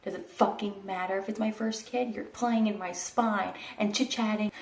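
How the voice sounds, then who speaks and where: A young woman vlogger casually telling a story to camera, animated and blunt, acting out the quotes and swearing now and then. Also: medium pitch, moderate pace, slight background noise. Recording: echoey room, voice a bit far from the mic.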